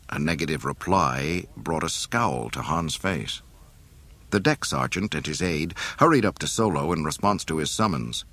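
Deep husky male storyteller. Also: normal speed, no echo. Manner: expressive, voicing every character. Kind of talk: dramatic storybook narration.

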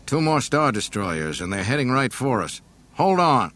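A brash, cocky young starship pilot, as a man puts him on in a storybook reading. He snaps out orders, his low voice jumping up and down in pitch. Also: animated, slight background noise. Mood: urgent. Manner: brash, quick to shout orders.

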